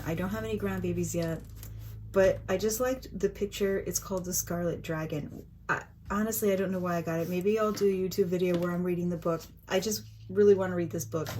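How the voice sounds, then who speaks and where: A middle-aged woman, chatting excitedly through a craft shopping haul in a casual, gushing way. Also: on the low side, slight background noise, low-quality recording. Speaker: craft vlogger.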